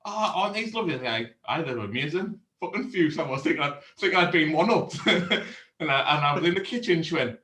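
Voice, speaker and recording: A man with a slightly raised pitch tells a rambling story to a friend. He swears freely and breaks into laughter often. The sound is echoey, as if in a bare room. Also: expressive, a little fast, sharp tone. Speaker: co-host of a beer review show. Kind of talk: casual storytelling chat.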